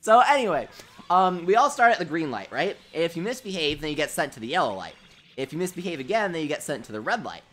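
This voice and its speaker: A young man hosting a casual gaming livestream. He tells childhood stories in an animated way, says "dude" a lot and laughs at his own jokes. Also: on the high side, quick pace. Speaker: livestream host.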